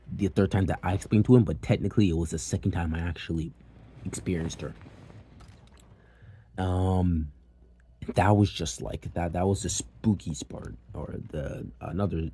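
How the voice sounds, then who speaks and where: A young man recounts a story from his own life in a relaxed, rambling way. His voice sits low and mellow, with a husky, slightly rough edge. He swears freely and leans on fillers as he goes. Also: normal speed. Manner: loose and profane, with many fillers. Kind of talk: casual personal storytelling.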